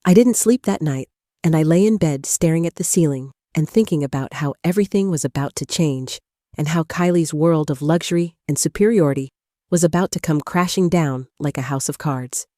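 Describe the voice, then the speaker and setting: Older woman, first-person story narration, even run-on telling, low voice, mellow tone. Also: fairly quick, no echo, clean studio sound. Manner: even, long chains of clauses joined by "and".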